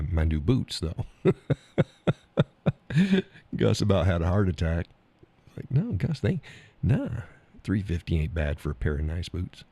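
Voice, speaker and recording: A man's voice: low-pitched, warm tone, slightly rough. A man hosting a live stream, chatting casually about viewer comments, rambling, repeating himself and chuckling often.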